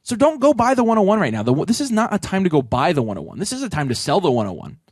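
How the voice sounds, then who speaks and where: A man co-hosting a casual talk show, giving emphatic, rapid advice. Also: high-pitched, big pitch swings, a little mellow, no echo, studio quality. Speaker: podcast co-host. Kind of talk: casual chat.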